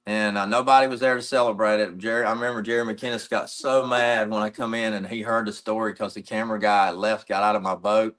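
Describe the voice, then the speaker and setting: Middle-aged guy from north carolina, lowish voice, rambling old fishing story. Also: flat delivery, brisk, hardly any pauses, fairly bright tone. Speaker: pro angler guest. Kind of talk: casual storytelling.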